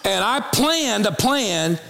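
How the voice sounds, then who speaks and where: A high-voiced man preaches slowly in a creaky voice, bringing a comic story to life from the pulpit by acting out each voice in animated fashion. The storytelling sermon has a big-room sound, with a noisy background and a crowd audible.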